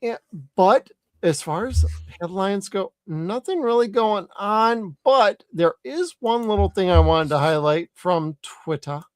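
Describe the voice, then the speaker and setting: An unhurried, smooth man with a high-pitched, animated voice hosts a live podcast, the audio carrying no room sound. He keeps the chat casual and loose, cursing freely throughout.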